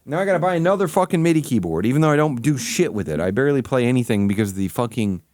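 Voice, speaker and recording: Guy ranting on his stream, cussing nonstop, bouncy animated voice, dry mic. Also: racing, no room sound. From Michigan. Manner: profane ranting, swinging from loud outbursts to low mutters. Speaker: livestream host. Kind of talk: casual stream commentary.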